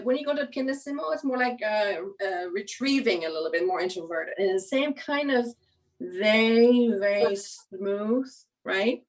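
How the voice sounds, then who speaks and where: A woman's voice: medium pitch, rough recording. A woman teaching viola in a master class, coaching a student with encouraging explanations full of "you know.".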